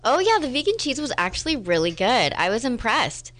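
A young woman co-hosting a casual chat, bubbly and quick to laugh, with lots of "like" in her talk. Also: fairly high pitch, sing-song, a bit bright. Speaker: co-host.

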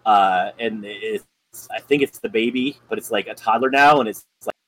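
A man's voice: lowish voice, normal speed, fairly bright tone, slight background noise, rough recording. A man co-hosting a podcast, casually retelling a story in a rambling way, full of ums and likes. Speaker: podcast co-host.

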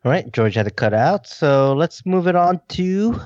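A man's voice: fairly high pitch, animated, moderate pace, darkish tone, no room sound, dull audio. A man hosting a podcast, casual, reacting with amused chuckles. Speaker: podcast host. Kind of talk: casual chat.

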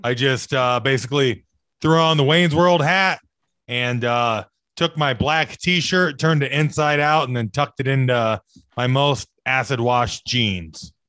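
A man's voice: medium pitch, measured pace, pushed and bright, dry recording. A man co-hosting a podcast in casual chat, tossing out dry, joking one-liners. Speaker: podcast co-host.

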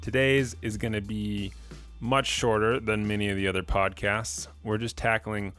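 Low-voiced man introducing a podcast. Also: level tone, a bit bright, soft background music. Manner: brisk, informal introduction. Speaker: podcast host.

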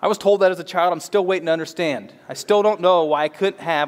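A man's voice: high voice, quick pace. A man preaching a sermon as pastor, in an earnest, conversational way that often repeats words as he restarts a thought. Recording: long hall reverb.

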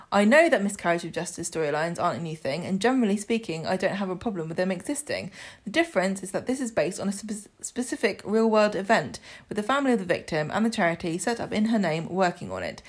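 A woman co-hosting a podcast, reading listener emails aloud with chatty asides. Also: medium pitch. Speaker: podcast co-host.

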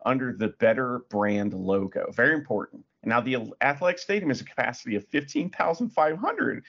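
A man's voice: medium pitch, a bit bright, husky, lo-fi sound. A man co-hosting a podcast, chatting casually and joking profanely as he reads facts aloud with sarcastic asides. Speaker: podcast co-host. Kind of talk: casual chat.

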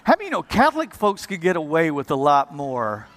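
A man's voice: fairly high pitch, huge pitch swings, fairly quick, fairly bright tone. A man preaching a sermon, telling his story with passion, repeating and restarting words in bursts. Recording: long hall reverb with music underneath. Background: live keyboard music.

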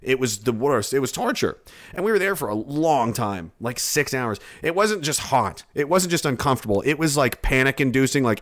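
A man's voice: mid-range voice, animated, normal speed, fairly bright tone. A man ranting in a rambling, sarcastic comedy monologue, swearing often. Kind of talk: profane comedic rant.

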